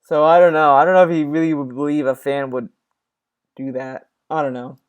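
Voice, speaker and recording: A man's voice: on the high side, level tone, fairly quick, smooth, muffled recording. A man doing casual reaction commentary, rambling and sarcastic, with many restarts. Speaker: commentary streamer.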